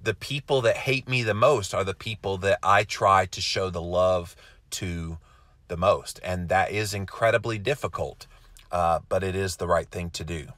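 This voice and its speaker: A man's voice: deep voice, fairly even intonation, normal speed, a bit bright, no echo. A middle-aged man with a Southern US accent, hosting a casual live chat and answering viewer comments in an earnest, folksy way. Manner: earnest, folksy, hums filler syllables while reading. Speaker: host reading viewer comments.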